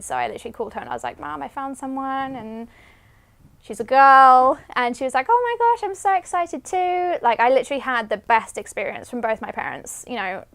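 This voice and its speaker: A young woman from England sharing a personal story in a documentary interview, chatty and upbeat. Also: on the high side. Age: young adult. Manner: chatty, lightly laughing storyteller.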